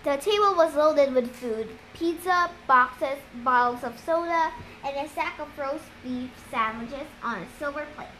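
High-voiced woman reading a novel slowly. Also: bright, forceful tone, slight background noise, poor audio. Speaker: reader. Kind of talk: audiobook-style reading of a novel.

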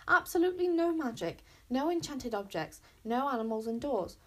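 A woman's voice: sits high, sing-song, moderate pace, a bit bright, pitched above the performer's own voice, heavily acted. A woman voicing an earnest, rule-obsessed boy bodyguard in a storybook reading, fussy and lecturing. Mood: indignant. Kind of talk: storybook read-aloud.

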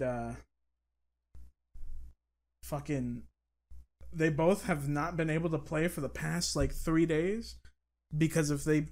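Rambling crude man, fairly high voice. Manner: rambling, crude, lots of filler words. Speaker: podcast co-host. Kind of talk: casual chat.

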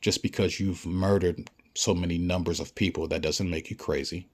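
A man's voice: deep voice, fairly even intonation, moderate pace, a little mellow, breathy edge. A man giving a blunt, profane ranting monologue, lecturing the listener and repeating himself for emphasis. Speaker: vlogger.

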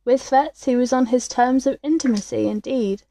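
A woman reading a classic story aloud in a measured, dramatic way as its storyteller. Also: sits high, mellow. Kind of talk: scripted story narration.

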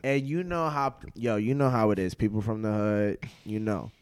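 A man, a comedian guest on a podcast, telling a story in casual slang, animated and laughing often. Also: on the low side, moderate pace, clear, resonant tone.

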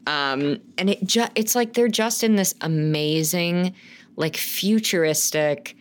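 Low-voiced woman gushing in casual chat. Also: slow pace. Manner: gushing, rambling, swears freely. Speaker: podcast co-host.

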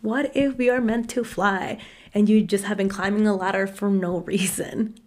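A woman's voice: medium pitch, steady tone, moderate pace, a little mellow. A woman in her twenties hosting a solo podcast, talking candidly with frequent swearing and laughter. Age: 20s. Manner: candid and profane, laughing often. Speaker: podcast host. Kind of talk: casual solo podcast monologue.

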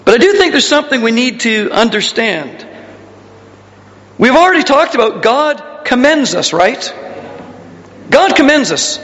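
A man's voice: extremely high pitch, sing-song, a little slow, long pauses, a bit bright, big-room sound, highs cut off. A male pastor preaching a conversational sermon, asking the congregation questions and telling stories.

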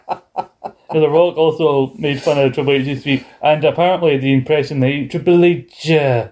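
A man's voice: mid-range voice, steady tone, a little fast, darkish tone. A man, co-hosting a podcast and animatedly retelling wrestling shows, acting out the quotes. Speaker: podcast co-host. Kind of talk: casual wrestling recap chat.

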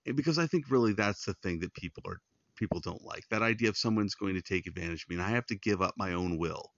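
A man's voice: sits low, fast, a bit bright, no echo, dull audio. A man hosting a devotional podcast, giving earnest, conversational Bible teaching straight to his listeners. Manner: earnest, pastoral, addresses listeners directly.

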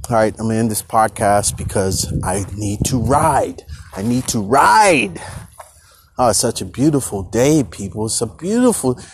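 A man's voice: fairly low pitch, a little mellow, a little hiss or hum. A middle-aged man hosting a casual podcast, rambling loosely outdoors on a bike trail, restarting and repeating words. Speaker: podcast host.

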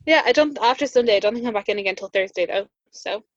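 A woman's voice: a little high, fast, dry recording, muffled recording. A young woman with an Irish accent, chatting casually and telling stories full of "like" fillers and laughter. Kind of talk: casual chat.

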